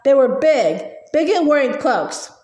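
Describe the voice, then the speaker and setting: A nervous elderly woman with a quavery voice, voiced by a woman reading a storybook. She sounds flustered and high-pitched. A roomy echo surrounds her. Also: big pitch swings, unhurried, a little mellow.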